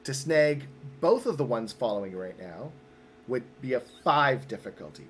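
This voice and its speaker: A man's voice: medium pitch, expressive, moderate pace, a little hiss or hum. A man running a tabletop roleplaying game as game master, upbeat and patient as he explains the rules step by step.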